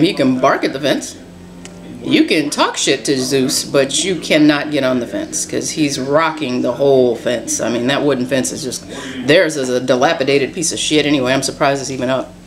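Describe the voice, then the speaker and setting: A woman's voice: a bass voice, moderate pace, a crowd in the background. A woman with a Southern US accent chatting casually in a home vlog, folksy and talkative, filming herself with a handheld camera. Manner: chatty, folksy, says y'all a lot. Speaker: vlogger. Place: home, indoors and in the yard.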